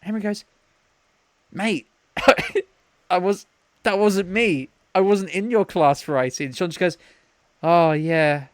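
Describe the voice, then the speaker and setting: A man's voice: high-pitched, normal speed, no room sound. A man co-hosting a podcast, telling a story casually and acting out his friends' lines. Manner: animated storyteller, acts out friends' lines with laughs. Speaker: podcast co-host.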